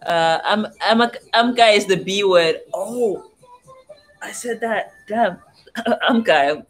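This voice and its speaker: A young woman from Southern Africa chats casually on a livestream. She reads her viewers' comments aloud and tries out phrases from other languages. Her voice sits at an ordinary middle pitch. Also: slow pace, faint music behind. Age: young adult. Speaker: livestream host.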